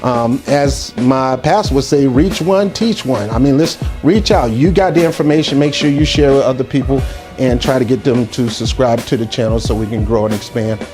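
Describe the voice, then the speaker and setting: A man's voice: mid-range voice, brisk, over music. A man hosting an opinion vlog who talks in a preachy, fired-up way and quotes scripture. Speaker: vlog host.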